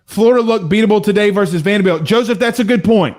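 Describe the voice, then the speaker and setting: A higher-pitched man with a drawl, hosting a loose post-game sports talk stream. He talks bluntly and heatedly, swears freely and breaks into laughs between rants. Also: quick pace, darkish tone. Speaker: sports show host reading viewer comments.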